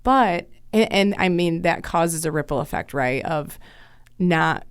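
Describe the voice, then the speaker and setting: Low, gravelly-voiced woman counselor. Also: animated, a little slow, dry recording. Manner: chatty, explains with everyday examples. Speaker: child and adolescent counselor. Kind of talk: casual podcast interview.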